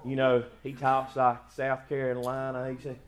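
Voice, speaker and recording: A male pastor preaching a sermon, building to loud emphatic praise and slipping into folksy, joking stories. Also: mid-range voice, monotone, normal speed.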